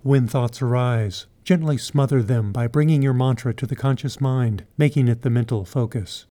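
A man giving scripted meditation instructions in a slow, even, calm way. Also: medium pitch.

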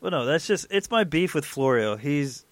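Irritated male podcast host, slightly high. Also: expressive, normal speed, no room sound. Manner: irritated, ranting. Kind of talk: casual sports chat.

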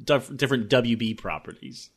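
A man's voice: mid-range voice, moderate pace. A man on a casual podcast panel over a video call, thinking aloud with hesitant asides.

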